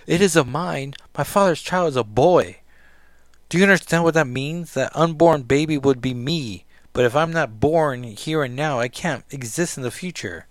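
A man reading aloud as a bitter, anguished young woman in a comic book, giving her a deeper voice. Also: measured pace, dry recording, lightly acted. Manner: bitter, pained outbursts.

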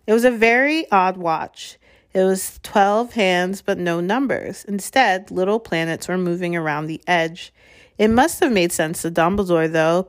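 A woman reading a children's fantasy chapter aloud in a calm, steady narration. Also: medium pitch. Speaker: reader. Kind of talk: audiobook reading.

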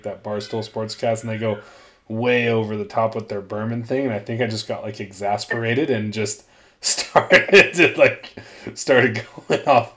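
A young man hosting a podcast, chatting casually, laughing often and swearing freely as he tells stories. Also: on the low side. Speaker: podcast host.

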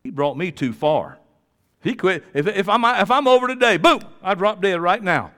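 A man preaching a sermon in a church, swinging from low, quiet talk to loud shouting. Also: lively intonation, normal speed. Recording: long hall reverb.

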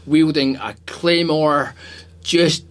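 A man co-hosting a podcast in casual chat, enthusiastic and jokey, rambling quickly. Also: a little high, steady tone. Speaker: podcast co-host.

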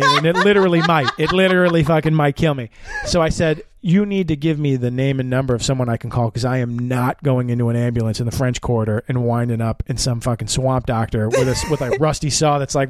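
A man's voice: medium pitch, fast talker. A man telling a long story in casual chat, swearing often and acting out what people said. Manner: profane, animated storyteller acting out quotes. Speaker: guest.

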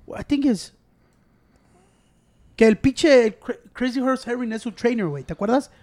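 High-voiced man, rambling bilingual banter. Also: normal speed, darkish tone. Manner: rambling, profane, mixes Spanish into English. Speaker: podcast co-host. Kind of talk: casual chat.

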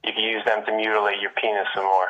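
A man's voice: fairly low pitch, flat delivery, fast, a bit bright. A man on a phone call, hostile and mocking, who cuts in again and again. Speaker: prank call target. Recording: tinny phone line.

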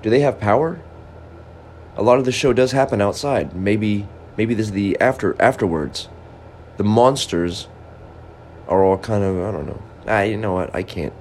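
A man's voice: fairly low pitch, normal speed, a little mellow, a little hiss or hum. A man and amateur comedian delivering a rambling, improvised monologue, musing aloud in stop-start bursts and scolding things around him.

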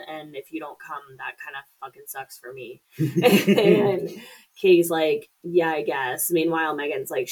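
A woman's voice: sits low, a little mellow, rough recording. A woman casually retelling a movie plot on a podcast, swearing freely and acting out the characters' lines. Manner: chatty, swearing, acts out quotes. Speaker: podcast co-host.

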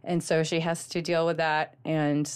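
A woman co-hosting a podcast, talking about books in a gushing, animated way with lots of ums. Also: deep voice, unhurried, clean tone. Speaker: podcast co-host. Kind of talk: casual book chat.

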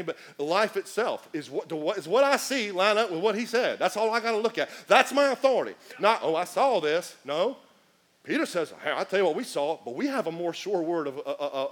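Animated high-voiced male preacher. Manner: animated preaching with acted asides and shouts. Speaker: pastor. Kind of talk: sermon.

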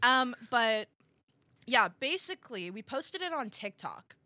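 Playful young woman, bright tone. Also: a little high, very animated, a little slow, dry recording. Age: young adult. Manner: playful, self-mocking banter. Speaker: podcast co-host. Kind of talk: casual chat.

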